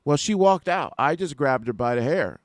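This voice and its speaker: A man's voice: a little high, lively intonation, moderate pace, no echo, clean studio sound, voice pushed up, natural voice. A man voicing a hotheaded male security guard who gives blunt, commanding orders.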